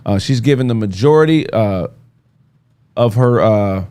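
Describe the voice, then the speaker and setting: A man's voice: on the low side, lively intonation, a little slow, mellow, clean tone. A man hosting a casual podcast, talking loosely and joking as he reads out facts. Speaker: podcast host. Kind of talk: casual chat.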